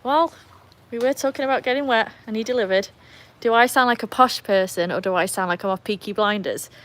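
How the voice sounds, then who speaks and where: A woman's voice: a little high, a little fast, fairly bright tone. A woman with an English accent hosting a live stream outdoors by a pool, chatting with viewers and talking to her dogs. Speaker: livestream host. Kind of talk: casual live chat. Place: outdoors beside a backyard pool in the rain. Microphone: phone. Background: faint rain and outdoor ambience.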